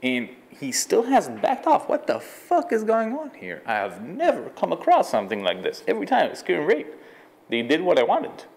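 A man's voice: a little high, huge pitch swings, moderate pace, voice pushed up. A man sarcastically imitating an indignant, entitled young woman in a mocking whine.

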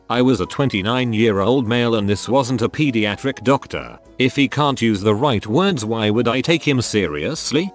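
A man reading Reddit stories aloud in a deadpan, matter-of-fact way. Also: mid-range voice, moderate pace, few pauses, soft background music. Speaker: narrator.

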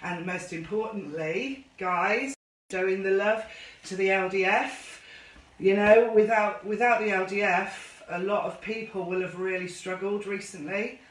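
A woman's voice: mid-range voice, fairly even intonation, a little slow, distant mic. Chatty woman, roomy and off-mic. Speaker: line dance instructor. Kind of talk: chatty live-stream dance class talk.

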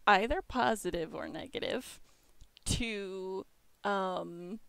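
A woman's voice: mid-range voice, slow, gravelly, a bit bright, clean tone, no room sound. A woman playing a tabletop game, talking casually and thinking aloud through the rules. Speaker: player.

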